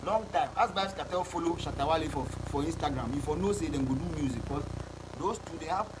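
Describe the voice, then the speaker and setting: A man's voice: on the high side, fast talker. Rambling Ghanaian Pidgin-speaking man over noisy traffic. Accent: Ghanaian Pidgin English. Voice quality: rambling, repeats words while searching for them. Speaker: musician. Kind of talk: casual video message to fans. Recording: noisy, with passing vehicles.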